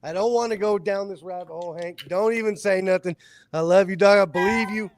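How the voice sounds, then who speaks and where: A man's voice: high voice, fairly even intonation, a little fast, no echo. Rambling, passionate man in a call. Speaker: guest. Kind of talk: casual group chat.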